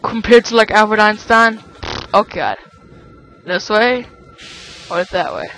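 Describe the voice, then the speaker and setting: A man with a very high, bright voice plays through a horror game, narrating at an unhurried pace. He cracks jokey asides and breaks into panicky yelps when scared. Faint game music plays behind him. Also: lively intonation. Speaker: gaming commentator. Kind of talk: let's play commentary.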